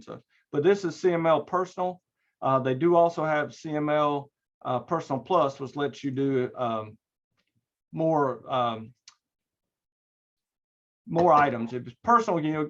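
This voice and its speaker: Male instructor, mid-pitched, loose filler-heavy delivery, dull lo-fi computer-mic sound. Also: moderate pace, fairly bright tone. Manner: casual, rambling, many fillers and restarts. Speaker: networking instructor. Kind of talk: recorded online class lecture with screen share.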